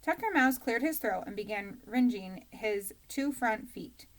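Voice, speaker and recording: A woman narrating a children's storybook in a calm, even reading voice. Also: a little high, a little slow. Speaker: audiobook reader.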